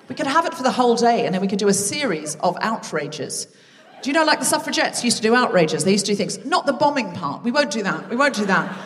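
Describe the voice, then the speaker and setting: Woman working a live theatre crowd. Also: a little high. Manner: chatty, teasing, quick asides. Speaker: comedy podcast host. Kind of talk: live stand-up crowd work. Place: theatre stage before a live audience. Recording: live theatre recording with long reverb.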